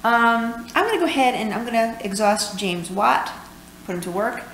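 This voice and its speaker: A woman's voice: a little high, moderate pace, fairly bright tone. A woman from New York co-hosting a casual board game playthrough, chattily explaining rules and cracking jokes at a table at home. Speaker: co-host. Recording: echoey room, faint room noise.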